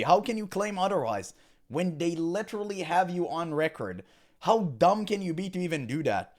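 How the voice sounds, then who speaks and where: Animated incredulous male commentator. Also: on the high side. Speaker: commentary host. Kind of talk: reaction commentary.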